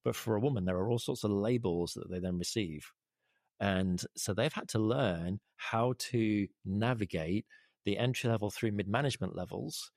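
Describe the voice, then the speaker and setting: A man with a low, gravelly voice talks through an interview, earnest and fond of rhetorical questions. The sound is close and dry, with no room around it. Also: moderate pace, darkish tone, dry recording. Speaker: guest, leadership advocate. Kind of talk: conversational interview.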